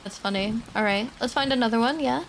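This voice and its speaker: A woman's voice: on the high side, brisk, slight background noise, poor audio. A woman streamer chatting casually with her viewers and reading spooky online stories aloud.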